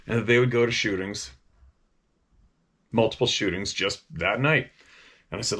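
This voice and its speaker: Guy, middle-aged, lowish voice, rambling hunting guide swearing and restarting his sentences. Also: moderate pace, fairly bright tone, husky. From Vancouver Island, Canada. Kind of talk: casual storytelling.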